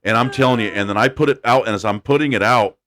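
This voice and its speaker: A man hosting a podcast, telling a story in a casual, animated way and laughing as he goes. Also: medium pitch. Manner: animated, laughing storyteller doing quick voices. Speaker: podcast host.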